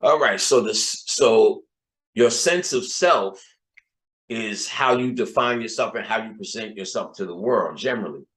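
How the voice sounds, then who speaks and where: A man's voice: fairly low pitch, expressive, measured pace, a bit bright, echoey room, rough recording. A man with a New York accent, talking in a profane, rambling, casual monologue full of street slang. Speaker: channel host.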